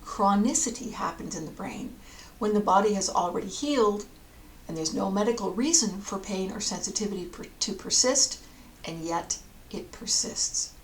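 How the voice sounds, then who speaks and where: A woman counsellor giving a calm, explanatory podcast talk, sometimes dropping to a near whisper. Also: medium pitch, normal speed, a little hiss or hum.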